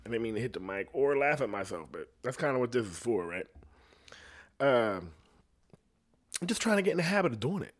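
A man's voice: medium pitch, very animated, brisk, pauses often. A man hosting his own podcast, talking casually in a rambling, profane way and laughing at his own jokes. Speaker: podcast host. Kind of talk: casual solo podcast rant.

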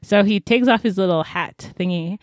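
A woman's voice: mid-range voice, no echo. Woman, casual podcast recap, acts out quotes, dry close sound. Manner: animated storytelling, acts out quotes in quick voices. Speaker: podcast co-host recapping a drama. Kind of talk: casual chat.

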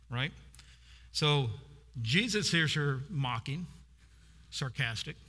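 A man's voice: on the high side, sharp tone. A man preaching a sermon, retelling a scripture story and acting out its people. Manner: storytelling, acts out the woman's voice. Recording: long hall reverb.

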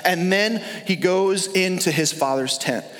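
Animated pastor preaching in an echoing hall. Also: male voice, high-pitched, measured pace. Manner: animated storytelling, emphatic repetition. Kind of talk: sermon with scripture reading. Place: church sanctuary.

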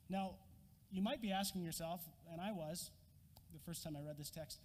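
Guy preaching a sermon, high voice, acting stuff out, faint room hum behind. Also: normal speed, big-room sound. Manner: animated storyteller, acts out scenes with a prop. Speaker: pastor.

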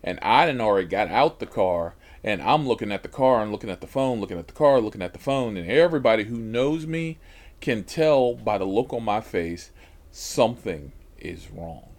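A man's voice: on the low side, moderate pace. Exasperated man telling a wild story. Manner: animated, exasperated, heavily profane. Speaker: podcast host and rideshare driver. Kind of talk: comic podcast storytelling.

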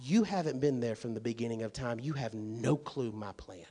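Preaching with an everyday, emphatic delivery, this man shifts between hushed side remarks and booming declarations loaded with rhetorical questions. His voice sits mid-range, his intonation is lively, and his pace is moderate.

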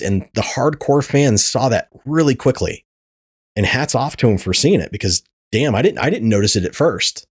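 A man's voice: medium pitch, darkish tone, slightly rough. Ranting profane male podcast host. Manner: ranting, profane, repeats words often. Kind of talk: casual chat.

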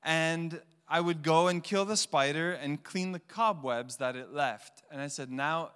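A man's voice: a little high, a little slow, smooth. A man preaching a sermon as pastor, telling stories and acting out the voices in them. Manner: animated storyteller acting out voices. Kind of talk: sermon with storytelling. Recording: long hall reverb.

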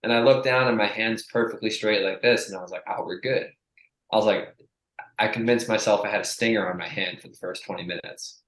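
Low-voiced man telling a story, roomy echo. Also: a little fast. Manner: animated, profane, acts out quotes. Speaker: strength coach. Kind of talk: casual storytelling chat.

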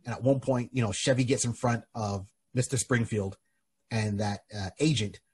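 Very husky man retelling a comic. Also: mid-range voice, normal speed. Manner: animated storytelling with many restarts. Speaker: podcast host. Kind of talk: casual chat.

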